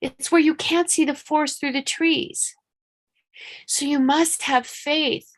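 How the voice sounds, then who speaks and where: A woman's voice: high voice, fairly even intonation, slow. A woman psychic medium doing a live-streamed reading, talking frankly and chattily, swearing casually, and repeating points with urgent emphasis.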